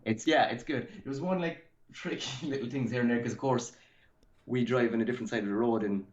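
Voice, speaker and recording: An Irish man in his thirties from Cork chats loosely as a guest artist over a video call, his medium-pitched voice moving a little fast. He rambles, full of fillers and "likes," and the audio is echoey and dull with a slight hiss or hum.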